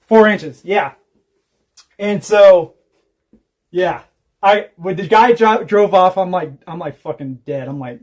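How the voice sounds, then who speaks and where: A man's voice: sits high, a little slow, long pauses, darkish tone. A man, telling rambling, profane stories while chatting on a casual homestead livestream. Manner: rambling, profane storytelling with laughs. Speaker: homestead vlogger.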